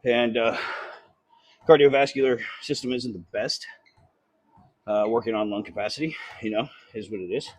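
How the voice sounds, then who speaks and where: Having just finished working out, a man talks breathlessly into a closely held phone from an incline treadmill at the gym. In this casual vlog chat, the fitness vlogger rambles, curses and mocks himself in a mid-range voice at normal speed, pausing often, with no room sound audible.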